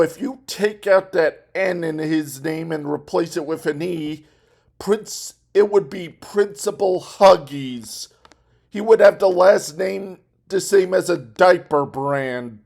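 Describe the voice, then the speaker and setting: A man's voice: on the high side, gravelly, a little mellow. A man hosting a casual commentary vlog, rambling and correcting himself as he talks. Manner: rambling, self-correcting, chatty. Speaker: vlog host.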